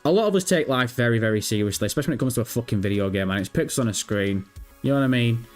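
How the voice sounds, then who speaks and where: A man's voice: medium pitch, expressive, very fast, soft background music. A man hosting a live stream, casually chatting and reading out viewer messages with self-mocking, sweary banter. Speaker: livestream host.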